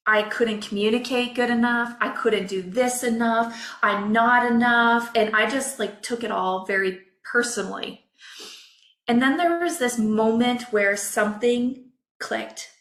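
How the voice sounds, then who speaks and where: A woman coach, a podcast guest, telling a personal story in a candid, emotional, expressive way. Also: a little high, reverberant.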